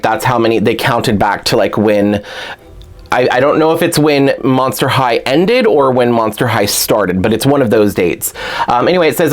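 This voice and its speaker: A man talking casually and excitably while unboxing a collector doll, full of fillers like "like" and "um". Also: mid-range voice. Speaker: toy collector reviewing a doll.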